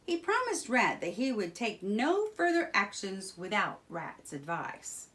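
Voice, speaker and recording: A woman reads a children's storybook aloud, narrating slowly and clearly. Her voice rises and falls a lot, which keeps the telling lively. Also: mid-range voice.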